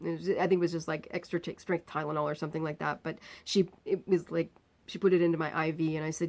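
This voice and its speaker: A woman vlogger telling a personal story, acting out the people in it with lively, rising outbursts. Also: sits low, quick pace. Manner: animated retelling, acting out quoted lines.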